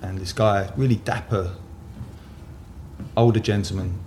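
A man who co-founded a tailoring business, telling an anecdote in an animated, casual storytelling manner during an interview. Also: lowish voice, measured pace, slight background noise.

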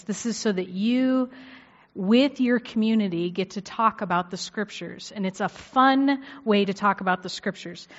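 A woman's voice: medium pitch, big-room sound, dull audio. A woman pastor leading a group through a scripture exercise, reassuring and encouraging as she gives step-by-step instructions.

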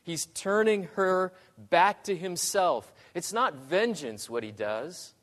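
A man preaching a sermon, dramatic in delivery, dropping to a hush and rising to loud pleas. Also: high-pitched, animated, slow, big-room sound. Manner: dramatic, swings from hushed to loud.

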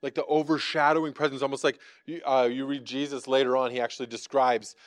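A man's voice: mid-range voice, flat delivery, fast talker, dry recording. A man preaching a casual, conversational sermon, filling it with "like" and acting out the lines he quotes. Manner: acts out quoted lines from scripture. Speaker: pastor.

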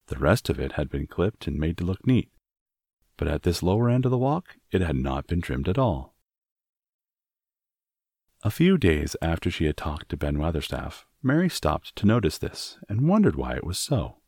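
Very deep-voiced man narrating a storybook. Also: very animated, normal speed, darkish tone, slightly rough, dry recording, clean studio sound. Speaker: audiobook narrator.

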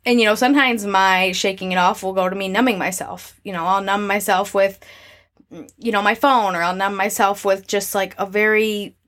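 A woman's voice: mid-range voice, steady tone, normal speed, fairly bright tone. Chatty reflective woman vlogger. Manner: chatty, reflective, many fillers and restarts. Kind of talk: casual personal talk to camera.

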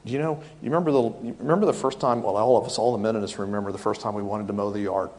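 Speaking very fast in a lowish voice, a middle-aged pastor delivers his sermon through animated storytelling. He acts out the voices of the characters as he goes.

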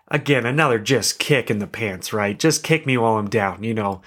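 A man's voice: fairly low pitch, normal speed, fairly bright tone. A young adult man hosting a podcast, telling a story in a chatty, self-deprecating way and laughing now and then. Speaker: podcast host. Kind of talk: casual storytelling monologue.

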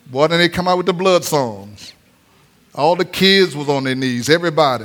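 A man with a high, bright voice preaches a sermon. He drives his points home with rising sing-song cadences and sudden shouted lines. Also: animated, normal speed. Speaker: pastor.

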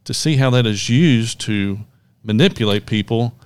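Male co-host with a smooth, resonant voice who chats and agrees in a relaxed way. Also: mid-range voice, normal speed, dry recording. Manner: relaxed, thoughtful, chimes in with short agreements. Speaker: podcast co-host. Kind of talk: casual conversation.

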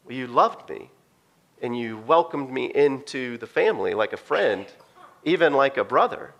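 A preacher doing a sheepish ex-tax collector. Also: male voice, mid-range voice, animated, moderate pace, vocal fry, a bit bright, voice pushed down. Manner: plainly confessional. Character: Matthew, former tax collector, sheepish man.

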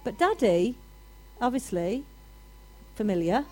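A woman preaching a sermon to a congregation, animated and building to loud, emphatic declarations. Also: on the high side, slow pace, rough recording.

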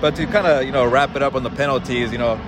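A man co-hosting casual sports analysis, talking in a measured way with many fillers and restarts. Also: medium pitch, fairly even intonation, background noise. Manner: measured, filler-heavy, hesitant. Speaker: co-host.

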